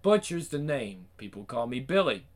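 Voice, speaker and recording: A man's voice: mid-range voice, big pitch swings, moderate pace, natural voice. A man voicing a blunt, sweary hard man. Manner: blunt, sweary, matter-of-fact. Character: gruff British hard man, blunt and sardonic.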